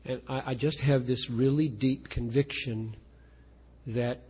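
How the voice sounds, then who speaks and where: A pastor with a husky, slightly mellow, medium-pitched voice talks at a measured pace with fairly even intonation. He speaks earnestly and self-deprecatingly about writing poetry, often restarting his sentences, with a large hall's long reverb around him.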